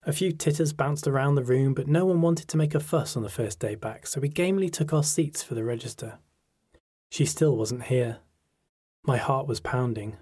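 A man narrating a first-person story in an audiobook, measured and reflective. His voice is mellow and warm rather than bright, with a husky, breathy texture. The delivery is steady, like careful storytelling. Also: mid-range voice.

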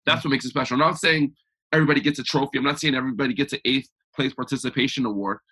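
Husky, emphatic motivational man. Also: mid-range voice, fairly even intonation, racing, sharp tone. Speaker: podcast guest, author. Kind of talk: conversational interview.

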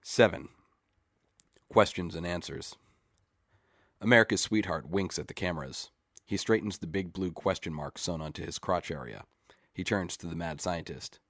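A man reading a short story aloud in a measured, deadpan way. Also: low-pitched, no echo, clean studio sound. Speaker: story reader.

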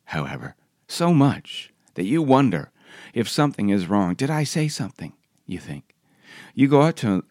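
A man's voice: fairly low pitch, dry recording, clean studio sound. A man reading his own personal essay aloud in a wry, reflective, conversational way.

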